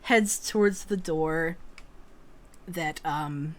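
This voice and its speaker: A woman's voice: sits low, very slow. A woman narrating a tabletop game as game master, joking about her character voices. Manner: laughs easily, jokes about her voices.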